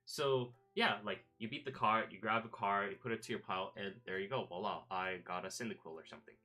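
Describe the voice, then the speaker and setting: A man's voice: lowish voice, quick pace, pushed and bright. A man streaming casual chat, rambling through a story with many fillers and restarts. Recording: faint background music.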